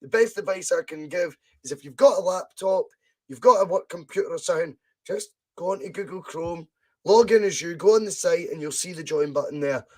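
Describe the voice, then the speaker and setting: A man's voice: high-pitched, fairly quick, a little mellow. A Scottish man hosting a casual live podcast, chatty and laughing often, his voice a bit strained. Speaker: podcast host.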